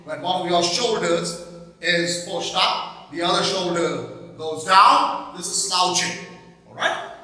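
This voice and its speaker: A man's voice: sits high, slow, sharp tone. A middle-aged man gives a classroom lecture on a poem, repeating points emphatically and often checking with "okay?". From India. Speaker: English teacher. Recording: echoey room, mic far off.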